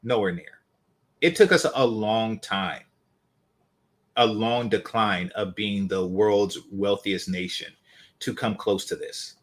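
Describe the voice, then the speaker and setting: A man's voice: lowish voice, takes it slowly. A man hosting a dating commentary channel, talking casually with blunt, dismissive swearing.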